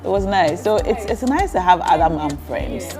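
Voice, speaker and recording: A woman's voice: on the low side, animated, normal speed, music in the background. Talk show host, a mother.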